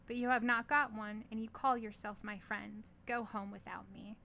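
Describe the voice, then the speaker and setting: A woman's voice: mid-range voice, steady tone, moderate pace, creaky, sharp tone, a little hiss or hum. A woman reading the lines of an impetuous, temperamental young Frenchman, impatient and scornful. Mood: angry scorn.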